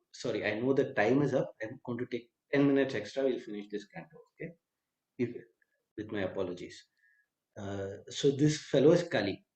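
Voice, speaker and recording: A man with a mellow, warm voice tells a scripture story as a lecture. He acts out the lines of each character and stops now and then with an aside. The sound is roomy and echoey. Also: mid-range voice, lo-fi sound. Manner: retells the tale with quoted lines and asides, some hesitant fillers. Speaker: spiritual teacher.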